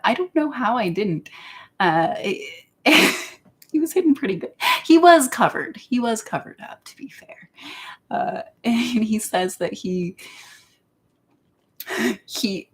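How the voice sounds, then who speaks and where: Slow, giggly woman rambling to camera. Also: mid-range voice. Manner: giggly, laughs often between phrases; meandering, with many fillers and restarts. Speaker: vlogger. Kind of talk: casual rambling monologue.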